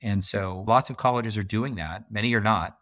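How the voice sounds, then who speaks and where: Deep-voiced man from Canada, emphatic. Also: moderate pace, a bit bright, no echo. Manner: emphatic, laughs often. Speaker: podcast guest. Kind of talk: casual interview conversation.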